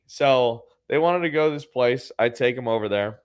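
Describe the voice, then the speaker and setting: A man's voice: mid-range voice, normal speed, few pauses, clear, resonant tone. A man with a mid-range voice telling a story on his podcast in a casual, sardonic way. He swears freely and keeps an offhand, wry tone. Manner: sardonic, profane. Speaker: podcast host.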